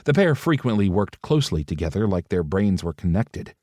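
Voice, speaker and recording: A man's voice: low voice, sing-song, brisk, darkish tone, dry recording, studio quality. A man narrating a romance audiobook, switching into different voices for the characters' dialogue.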